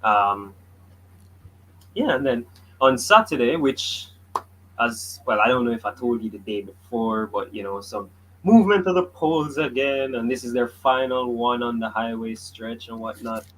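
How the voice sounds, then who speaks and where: A man's voice: medium pitch, lively intonation, unhurried, a bit bright, low-quality recording. Jamaican guy co-hosting a footy podcast, blunt and jokey, some faint hiss behind him. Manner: blunt, opinionated, joking. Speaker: podcast co-host. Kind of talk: casual sports chat. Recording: faint background noise.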